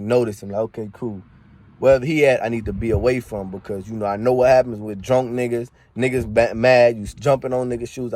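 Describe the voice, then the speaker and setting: A man's voice: mid-range voice, a little mellow, dry recording. A man telling a rambling, slangy story from a party in a casual storytime monologue. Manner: slangy, rambling, fillers and restarts.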